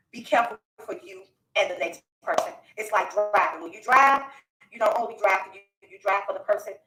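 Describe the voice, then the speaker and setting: A woman's voice: medium pitch, pushed and bright, roomy sound, far from the mic, rough recording. A woman speaking on a live stream, earnest and pleading, repeating her warnings. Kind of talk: emotional live-stream address.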